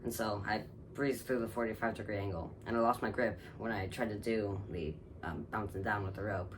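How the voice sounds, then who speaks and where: A man's voice: fairly low pitch, fairly even intonation, fairly quick, noisy background. A young man, the host's son, recalling an obstacle course in a plain, matter-of-fact way. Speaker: guest, son. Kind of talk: casual recollection.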